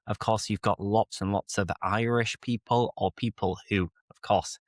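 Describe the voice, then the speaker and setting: A man's voice: on the low side, fairly even intonation, normal speed, dry recording, clean studio sound. A young English man hosting a podcast for learners, chatting casually and explaining words with enthusiasm. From England. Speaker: English teacher and podcast host.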